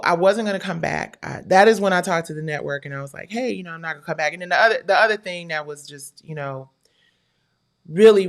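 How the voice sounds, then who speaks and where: Middle-aged woman w a gravelly voice, hosting her live show, heated and cussing a lot while telling her story. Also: sits low. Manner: heated, profane, animated retelling with quoted voices. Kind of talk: emotional storytelling to viewers.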